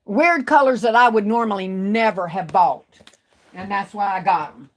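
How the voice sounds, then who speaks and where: A woman, chatting casually with viewers on a craft livestream and drawing out her words. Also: mid-range voice. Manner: chatty, drawn-out, talks to viewers. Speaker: craft vlogger.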